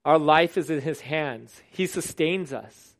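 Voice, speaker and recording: A man's voice: fairly high pitch, a little slow. A man preaching a sermon in an earnest, conversational way, with some restarts as he explains a passage. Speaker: pastor.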